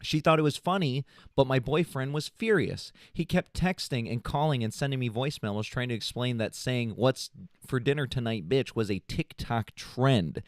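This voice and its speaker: A man's voice: medium pitch, no echo, studio quality. A man co-hosting a comedy podcast, chatting casually and reading a post aloud, joking and laughing often. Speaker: podcast co-host.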